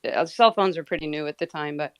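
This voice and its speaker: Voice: mid-range voice, quick pace, smooth, no room sound. A friendly speaker asking the hosts questions in a casual live chat.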